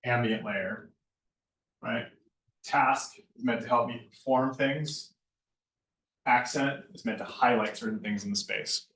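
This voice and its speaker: A man's voice: mid-range voice, a little slow, long pauses, a bit bright. A man giving a conversational lecture on lighting design, often tagging his points with a questioning "right?". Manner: conversational, keeps asking "right?". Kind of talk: classroom lecture. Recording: echoey room, far from mic.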